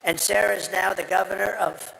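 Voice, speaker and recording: A man with a raspy, gravelly voice and a bright, forceful edge delivers a rambling, boastful rally speech. His voice sounds strained and worn from repeated speaking. Long reverb from the large venue trails each phrase. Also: sits high, steady tone, normal speed. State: strained, tiring voice. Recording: reverberant venue with crowd noise.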